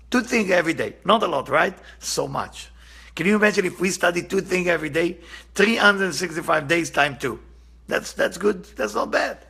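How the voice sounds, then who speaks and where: Gravelly, husky man teaching Kabbalah. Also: sits high, expressive, fairly quick, sharp tone. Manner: earnest, impassioned, repeats for emphasis. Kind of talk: spiritual lesson with storytelling.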